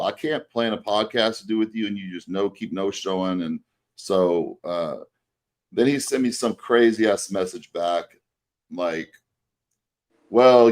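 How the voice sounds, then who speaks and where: A male podcast co-host casually telling a long story, rambling with many fillers and restarts. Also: sits low.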